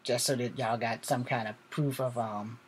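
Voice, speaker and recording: A man's voice: mid-range voice, steady tone, moderate pace, slightly rough. A man talking casually to his viewers in a blunt, rambling monologue, swearing freely and checking in with "all right?" asides. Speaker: video host.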